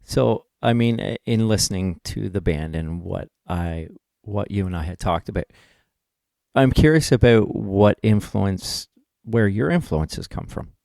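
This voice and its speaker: A man hosts a casual interview in a gravelly, fairly low voice. He keeps his questions short and answers with quick, encouraging reactions. The recording is dry and close. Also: animated, darkish tone, dry recording. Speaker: podcast host.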